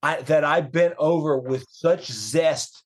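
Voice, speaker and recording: A man's voice: on the high side, slow. Profane man spinning a comic anecdote. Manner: profane, animated anecdote telling. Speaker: band member guest. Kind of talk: crude comic storytelling.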